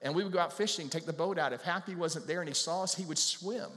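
A man preaching a sermon as pastor, animated, acting out little voices and putting questions to the congregation. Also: fairly high pitch, quick pace. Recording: long hall reverb.

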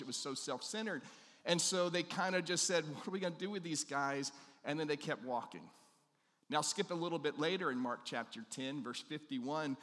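A male pastor delivers a storytelling sermon in a slightly high voice, acting out the quoted voices and letting his voice fall quiet and intimate on the central questions. His words carry a long reverb from a church hall. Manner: storytelling, acts out quoted lines, intimate drop in voice on key questions.

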